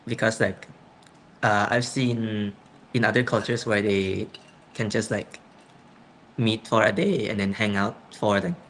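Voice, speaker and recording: A man's voice: fairly low pitch, steady tone, unhurried, pauses often, fairly bright tone, slight background noise, poor audio. A young man in a casual student discussion. He thinks aloud and checks in with others by asking "right?". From Thailand. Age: young adult.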